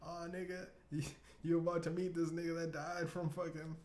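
A man's voice: level tone, normal speed, darkish tone, lightly acted. A man voicing a crude, gloating male oracle who announces grim fates in a raised, mocking voice, in an echoey room with faint hiss. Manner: raised pitch, mocking prophecies.

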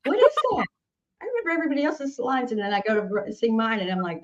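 A woman's voice: on the high side, expressive, quick pace, highs cut off. A singer-songwriter woman from Nashville with a Southern accent, chatting casually in an interview, laughing often and restarting her sentences. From Nashville, Tennessee.

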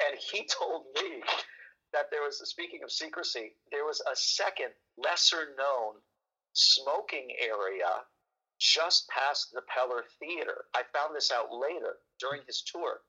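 A man, a magician, telling a story in a casual chat, animated and joking, in a dull lo-fi recording. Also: on the high side, measured pace, breathy edge.

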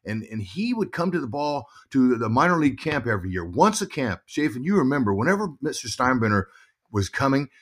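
A middle-aged man telling stories as a podcast guest, his pitch swinging widely as he talks. He jumps into a higher voice whenever he quotes someone, keeping things animated and conversational. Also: brisk. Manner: animated, acts out quotes in a raised voice. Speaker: guest, former baseball player and broadcaster. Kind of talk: storytelling in a podcast interview.

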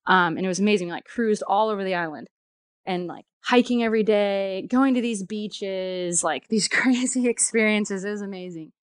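A woman's voice: mid-range voice, normal speed, clean tone, no echo, studio quality. A woman telling a travel story in a casual, chatty way, full of fillers and laughter.

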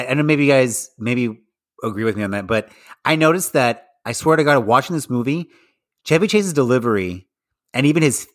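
A man of middle pitch joins a casual chat, speaking emphatically. He stammers and repeats himself when he gets eager to make a point. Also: fairly bright tone.

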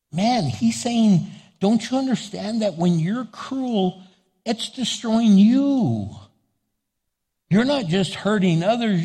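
A man's voice: fairly high pitch, warm tone, husky, long reverb tail. A man preaching a sermon as pastor, playful, acting out little dialogues and laughing often.

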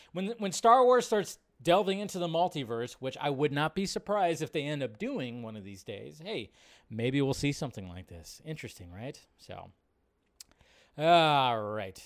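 A man hosting a live show in casual commentary, rambling between low mumbles and loud excited outbursts. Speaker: show host.

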